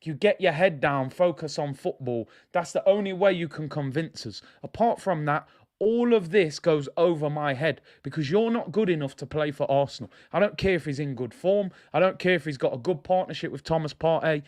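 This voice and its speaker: A man's voice: a little high, normal speed. A young man hosting a fan channel, ranting in casual slangy commentary. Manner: animated, slangy, ranting with laughs. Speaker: football fan channel host.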